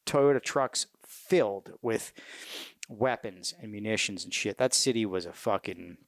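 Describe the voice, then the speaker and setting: A middle-aged man, a military veteran, telling war stories in a casual interview, cursing freely, animated and laughing as he goes. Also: fairly low pitch, unhurried, no echo, studio quality. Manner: profane, animated, laughs mid-story.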